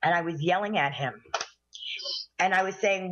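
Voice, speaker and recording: Woman, psychic radio co-host, casual chat, earnest, animated, slightly muffled audio. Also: mid-range voice, normal speed, pauses often.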